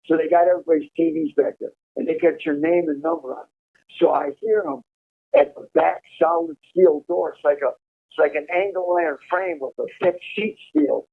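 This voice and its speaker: A man telling a profane, animated prison story over a prison phone call. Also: a little high, normal speed, gravelly. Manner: profane, animated storytelling, laughing at his own tale. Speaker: incarcerated caller telling prison stories. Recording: tinny phone line.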